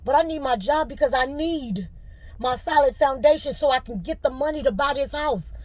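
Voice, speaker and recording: A woman's voice: high-pitched, normal speed, a little mellow. A middle-aged woman, venting to camera with emotion and fighting back tears. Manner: tearful, fighting back crying. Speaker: vlogger.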